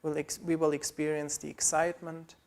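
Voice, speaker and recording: A man's voice: on the high side, monotone, brisk, vocal fry, a little mellow. A man preaching a sermon as pastor, earnest and pleading, building through repeated phrases.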